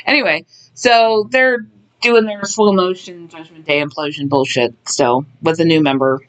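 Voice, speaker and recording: A woman's voice: low voice, normal speed. Woman, podcast co-host, casual wrestling recap, blunt, offhand, lots of ums.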